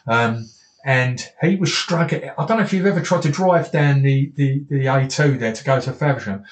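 A man's voice: mid-range voice, normal speed. A man with a South East English accent, a boxing trainer telling rambling anecdotes with restarts and quoted dialogue. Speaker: boxing trainer, podcast guest. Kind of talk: casual storytelling. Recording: roomy echo, faint noise.

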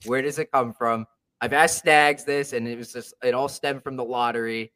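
A man's voice: medium pitch, steady tone, normal speed, fairly bright tone. A man co-hosting a podcast, talking casually in an easygoing, rambling way. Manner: easygoing, rambling, restarts sentences. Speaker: podcast co-host. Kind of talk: casual chat.

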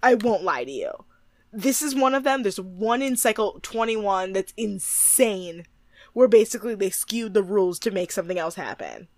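A woman's voice: medium pitch, lively intonation, normal speed, no echo. A woman co-hosting a casual show, recapping TV with friends; she laughs often and swears freely. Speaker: podcast co-host.

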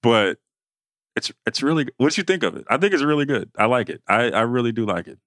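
A man's voice: medium pitch, sing-song, brisk, a bit bright, no echo, studio quality. A man co-hosting a podcast in casual chat, teasing his co-host, swearing freely and repeating lines for emphasis.

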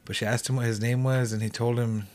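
Young man, from Cheyenne Reservation, rambling storyteller, podcast guest, medium pitch. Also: flat delivery, fast, darkish tone. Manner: rambling, full of "like" and "he said". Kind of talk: casual ghost storytelling.

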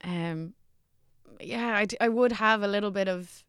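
A woman's voice: medium pitch, measured pace, fairly bright tone, clean tone, dry recording, studio quality. A young woman, an actor, chatting candidly on a podcast, swearing freely and laughing as she talks. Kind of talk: casual chat.

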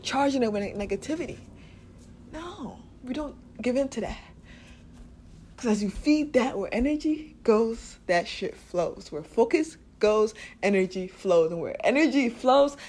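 A woman's voice: fairly high pitch, a little mellow, slight background noise. A woman from Nigeria hosting a podcast, talking in a casual, candid, profane way, laughing often and leading affirmations. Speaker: podcast host. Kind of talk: casual spiritual podcast monologue.

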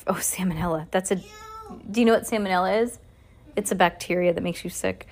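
A woman reads a children's novel aloud at a relaxed pace. She often stops to add her own casual, joking comments before going back to the text. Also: lowish voice, brisk. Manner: chatty, joking commentary between passages. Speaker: reader. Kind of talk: reading a book aloud with casual asides.

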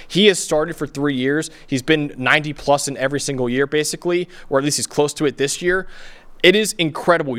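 A man's voice: a little high, a bit bright. A man co-hosting a sports podcast, arguing his points emphatically and repeating them for effect. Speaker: podcast co-host, analyst. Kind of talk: animated sports debate.

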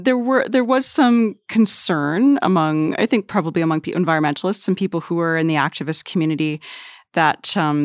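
A British woman talking as a reporter on a podcast panel. She is hesitant and often restarts her sentences. Her voice is low for a woman, and the sound is dry and close. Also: dry recording. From Britain. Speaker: education reporter. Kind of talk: casual podcast panel talk.

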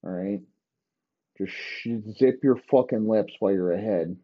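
A man's voice: on the low side, moderate pace, lo-fi sound. Profane, rambling male comedy podcaster. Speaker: podcast host. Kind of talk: crude comedic rant.

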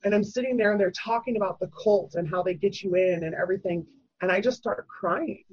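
A woman with a husky, breathy voice tells her story in a lively, candid way, full of fillers, and she acts out the voices of other people. The recording is dry and a little dull, like lo-fi audio. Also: mid-range voice, a little fast, dry recording. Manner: animated, acts out quoted voices, many fillers. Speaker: guest.

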